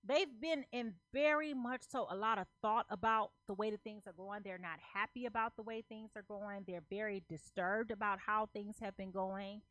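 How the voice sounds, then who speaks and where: A woman's voice: mid-range voice, fairly even intonation, normal speed, few pauses, a bit bright, dry recording. A woman giving a casual tarot reading, talking emphatically, repeating herself and checking in with her listeners in loose, slangy speech. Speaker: tarot reader.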